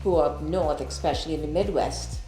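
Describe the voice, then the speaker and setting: A woman guest in a casual kitchen-table chat who speaks very properly, with an animated manner and frequent laughter. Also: low-pitched, fairly quick. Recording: echoey room with faint music.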